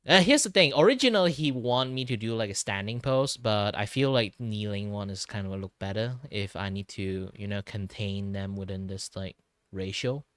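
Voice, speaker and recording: A man's voice: normal speed, no echo, studio quality. Tired-voiced young man, rambling. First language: Cantonese. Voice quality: low, relaxed tone. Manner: rambling, many fillers and restarts. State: voice tired from talking a lot. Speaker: streamer. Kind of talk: casual chat while drawing.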